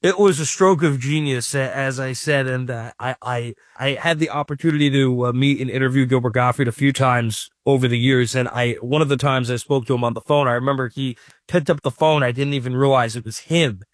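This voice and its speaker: A man's voice: mid-range voice, fairly even intonation, brisk, no room sound. Eager male interview host, dry sound. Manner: enthusiastic, long winding questions. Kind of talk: interview questions.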